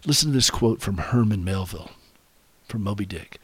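Earnest middle-aged man, husky and dry. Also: fairly low pitch, expressive, no room sound. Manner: earnest, confessional, reads quotes slowly and deliberately. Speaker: radio host for caregivers. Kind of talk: reflective radio talk with scripture readings.

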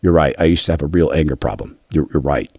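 A man's voice: very deep voice, fast, a little mellow, slightly rough, dry recording, studio quality. A middle-aged man hosting a devotional radio talk, telling a personal story in an earnest, confessional way. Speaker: radio host.

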